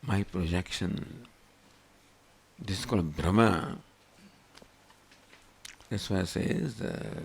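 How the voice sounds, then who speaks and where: A man's voice: low-pitched, slow pace, creaky, long pauses, husky. An older man giving a spiritual lecture on scripture, questioning his listeners again and again. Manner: questioning, rhetorical, animated. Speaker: swami teaching scripture.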